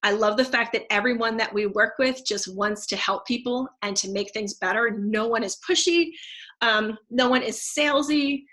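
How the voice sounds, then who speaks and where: Her voice high-leaning, pushed and bright at normal speed, a woman in her thirties talks casually about how selling essential oils has helped her. She's a teacher and oils seller, speaking effusively with many fillers and restarts.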